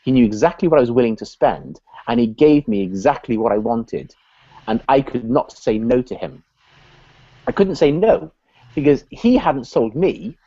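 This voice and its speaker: Male business consultant guest, mellow voice, animated storyteller; dull, dry video-call audio. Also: medium pitch, normal speed, dry recording. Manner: animated, acts out voices in his anecdotes. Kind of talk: storytelling in a live video chat.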